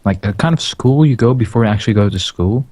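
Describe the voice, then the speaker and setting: A man's voice: medium pitch, lively intonation, fast, a little mellow, breathy edge, no echo. A young man from Britain chatting casually on a podcast, rambling and trailing off mid-sentence over a voice-call headset mic. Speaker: podcast host.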